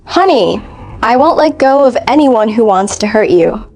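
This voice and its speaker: Lady reading the part of a creepy sweet-talking husband, higher pitched, soft and coaxing. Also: lively intonation, moderate pace. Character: soft-spoken menacing husband, a man.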